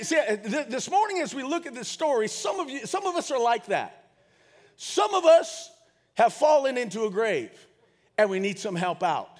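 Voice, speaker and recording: A man preaching a sermon, leading the congregation in call and response and rising to shouts as he tells a story. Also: very high-pitched. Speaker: pastor.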